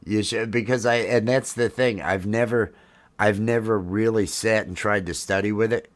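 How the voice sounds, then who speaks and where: A man's voice: fairly low pitch, steady tone, moderate pace. A man in his fifties hosting a casual live stream, rambling with lots of fillers and restarts. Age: 50s. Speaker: livestream host. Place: home, drinking coffee while streaming.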